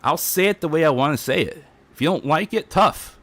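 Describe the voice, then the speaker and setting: A man's voice: a little high, animated, brisk, fairly bright tone, no echo. A man streaming a defiant, heated rant, repeating himself as he talks. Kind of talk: ranting livestream monologue.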